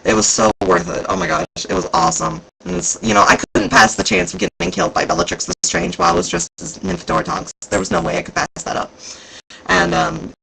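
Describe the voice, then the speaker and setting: A man vlogging casually about a convention, rambling and excitable, with plenty of fillers. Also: high-pitched, fast talker, gravelly, a little hiss or hum, low-quality recording. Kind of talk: casual chat recounting events.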